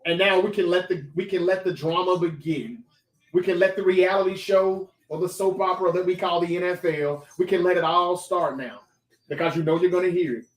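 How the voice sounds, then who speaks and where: Animated high-voiced man talking sports. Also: brisk, roomy sound, distant mic, low-quality recording. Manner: animated, chatty, reads viewer comments aloud and addresses chat directly. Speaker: host of a sports talk livestream. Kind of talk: casual livestream sports talk.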